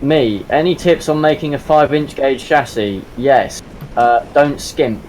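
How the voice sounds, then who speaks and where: A man's voice: mid-range voice, unhurried, a little mellow, a little hiss or hum, low-quality recording. A man bantering and teasing his friend during a live stream.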